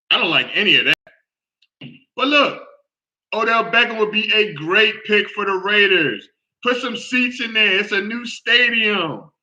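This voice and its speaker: A man hosting a casual sports talk show, talking in an animated way, often repeating himself and asking "all right?". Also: high voice, muffled recording.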